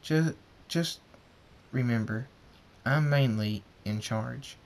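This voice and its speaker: A man's voice: mid-range voice, takes it slowly, a little mellow. Man reading as an earnest young pony king. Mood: determined.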